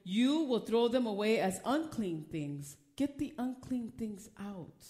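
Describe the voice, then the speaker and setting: Older woman, preacher, high voice, fervent emphatic sermon, laughs often. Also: expressive, a little slow, dark tone. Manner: reads scripture aloud with stumbles.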